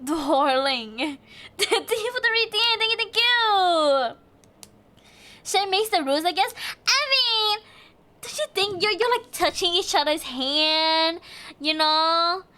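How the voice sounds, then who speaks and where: Streamer woman, casual chat, gushing and giggly, bright and crisp tone. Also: extremely high pitch, unhurried.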